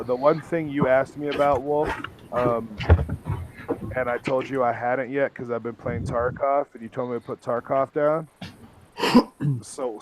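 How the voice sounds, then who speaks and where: A man's voice: medium pitch, background noise. A man hosting a casual podcast, talking in a rambling, profane way with lots of restarts. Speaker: podcast host.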